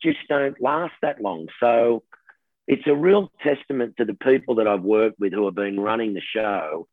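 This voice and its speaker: A middle-aged Australian man, a television host, telling stories in a lively casual chat and laughing often. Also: fairly low pitch, moderate pace, no echo. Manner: animated storyteller, laughs often, says mate. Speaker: TV host guest. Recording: tinny phone line, dry.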